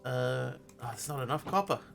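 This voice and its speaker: Male streamer, mid-range voice, chats and rambles over soft game music. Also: medium pitch, moderate pace, creaky. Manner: rambling, chatty, many ums and restarts. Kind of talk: casual live-stream chat while playing.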